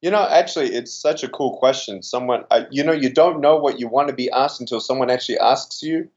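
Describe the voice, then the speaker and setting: A man's voice: mid-range voice, a little fast. Earnest Australian man on a dull line. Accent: Australian, slightly Americanized. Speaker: guest speaker. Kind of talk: interview conversation.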